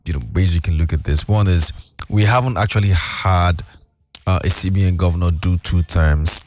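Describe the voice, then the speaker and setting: A man's voice: low voice, normal speed, a little mellow, no room sound. A man, a guest explaining financial news at length in casual chat, with many fillers. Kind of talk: casual radio-style chat.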